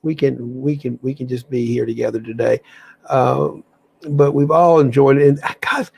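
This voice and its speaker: A man's voice: medium pitch, steady tone, normal speed, vocal fry, darkish tone, breathy edge. A man hosting a spiritual livestream, chatting casually and enthusiastically to viewers, rambling and often restarting his sentences. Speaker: livestream host.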